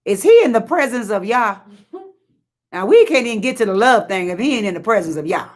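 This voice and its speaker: A woman's voice: a little high, big pitch swings, brisk. A middle-aged woman preaching a live-streamed sermon, emphatic and repetitive, with colloquial, sassy asides to her listeners. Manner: emphatic repetition and call-outs to the audience.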